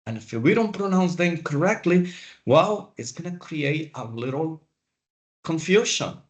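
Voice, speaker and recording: A man teaching a class, lecturing in a slow, deliberate way with pauses. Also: a little high, expressive. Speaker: instructor.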